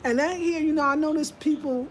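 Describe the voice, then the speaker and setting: A woman's voice: sits high, fairly even intonation, brisk, a little hiss or hum. A middle-aged American woman talking casually into the camera at home, emphatic and chatty, slipping into voices when she quotes people. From United States. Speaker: vlogger. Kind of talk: casual monologue.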